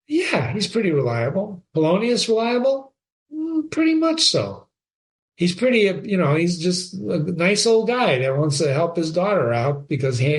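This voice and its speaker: A man with a fairly high voice teaching literature in an informal lecture. He talks in an emphatic, chatty way and repeats phrases to drive his points home.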